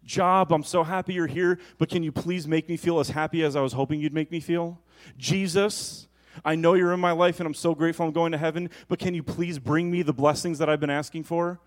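A man's voice: fairly high pitch, fairly even intonation, brisk, rough recording. A male pastor giving a playful, conversational sermon with asides to the congregation.

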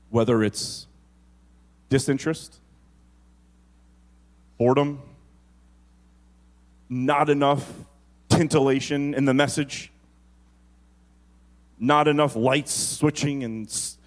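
A man of medium pitch delivers a pastor's sermon, first telling stories at a quick clip and then slowing right down to draw out the key phrases.

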